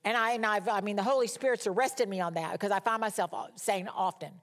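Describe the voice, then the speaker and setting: A woman's voice: mid-range voice, quick pace, few pauses. A woman giving a conversational sermon as a Bible teacher, emphatic and repeating key words for stress.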